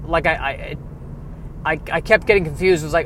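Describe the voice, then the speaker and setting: A man in his thirties or forties talking in a loose, rambling way, stopping and restarting often, with self-deprecating humor. His voice sits a little high, and faint outdoor traffic hum runs underneath. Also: brisk, long pauses, fairly bright tone. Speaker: podcaster. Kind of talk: rambling casual monologue.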